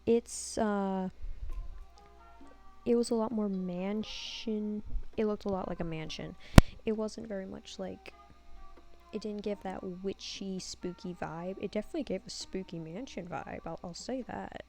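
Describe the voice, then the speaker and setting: A woman's voice: mid-range voice, measured pace, mellow, faint music behind. A woman giving casual voiceover commentary on her own game build, rambling and self-deprecating with a sarcastic streak.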